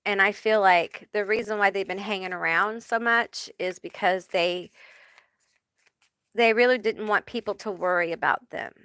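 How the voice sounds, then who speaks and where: Slow, bright-voiced woman medium. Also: mid-range voice, clean tone, no room sound, clean studio sound. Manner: hesitant, reassuring, frequent "okay?" tags. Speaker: tarot reader and medium. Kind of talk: channeling spirit messages live.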